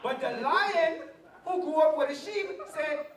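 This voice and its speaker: High-voiced woman preaching to youth. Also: unhurried, background noise. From Bahamas. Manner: animated, calls on the audience, acts out roars. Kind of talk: lively sermon storytelling. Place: large hall with a youth crowd. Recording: echoey hall from a distance. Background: crowd of young listeners.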